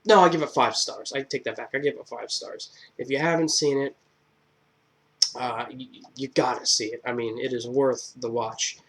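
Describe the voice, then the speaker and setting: A man recapping a film in an offhand vlog review. He rambles with plenty of ums and uhs, and his humor is crude and irreverent. His pitch sits in a middle range. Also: steady tone, moderate pace, fairly bright tone. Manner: rambling, filler-heavy, joking retelling. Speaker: movie review vlogger. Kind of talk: casual spoken movie review.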